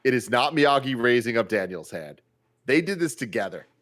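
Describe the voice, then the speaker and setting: A man's voice: medium pitch, big pitch swings, a bit bright. A man co-hosting a podcast in casual chat, enthusiastic and jokey. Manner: enthusiastic, jokey, quick to laugh. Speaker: podcast co-host.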